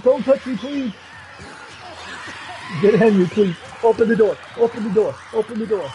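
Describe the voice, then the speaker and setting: A man streaming a video game, swearing, yelling and pleading at the screen in frustration. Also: high voice, moderate pace, muffled recording, background noise. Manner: profane, yells and pleads at the game. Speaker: gamer streamer. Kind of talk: live gameplay commentary.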